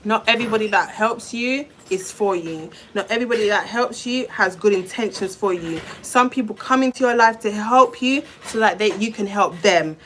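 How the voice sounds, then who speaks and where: A woman's voice: mid-range voice, normal speed, hardly any pauses, a bit bright, slight background noise. Blunt heated woman ranting. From London. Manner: blunt, heated, swears, speaks to viewers directly. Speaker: live-stream host. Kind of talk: emotional live-stream rant.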